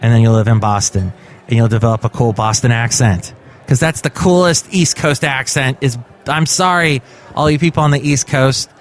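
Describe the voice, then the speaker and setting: A man's voice: mid-range voice, steady tone, moderate pace. A man from California hosting his own podcast, talking casually and rambling through asides and plugs. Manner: chatty, rambling, promotional asides. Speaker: podcast host. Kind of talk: casual solo podcast chat.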